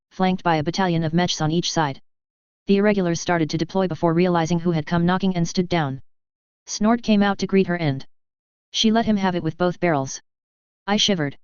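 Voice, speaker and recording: Steady first-person audiobook narrator; smooth tone, slightly dull, muffled recording. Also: mid-range voice, no echo.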